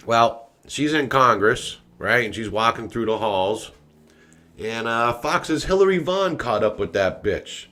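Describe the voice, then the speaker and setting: A man hosting a political podcast, talking in a profane ranting style that swings from quiet muttering to loud shouting. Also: mid-range voice, lively intonation, a little slow. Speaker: podcast host. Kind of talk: political commentary rant.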